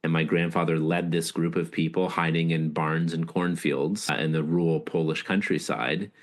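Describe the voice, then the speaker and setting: A man's voice: extremely low pitch, fairly even intonation, moderate pace. A man talking as an interview guest, an author and leadership speaker who tells stories in an earnest, reflective, heartfelt way. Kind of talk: casual interview storytelling.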